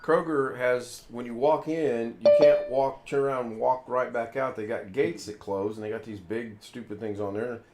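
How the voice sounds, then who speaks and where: A man's voice: mid-range voice, steady tone, normal speed, few pauses, over music. A man from the United States hosting a casual live chat, telling a long rambling anecdote and acting out what people said. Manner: rambling anecdotes with acted-out quotes. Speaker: show host.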